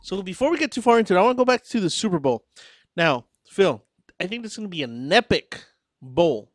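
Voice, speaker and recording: A man's voice: sits high, big pitch swings, quick pace, no room sound, studio quality, faint music behind. A man co-hosting a talk radio show, joking and rambling, laughing often. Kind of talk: casual radio banter.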